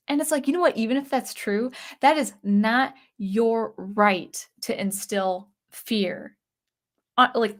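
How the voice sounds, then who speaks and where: A woman hosting a casual livestream, talking in a rambling, earnest way, repeating words as she goes and sounding indignant at times. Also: medium pitch. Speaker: channel host. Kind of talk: casual livestream chat reading viewer comments.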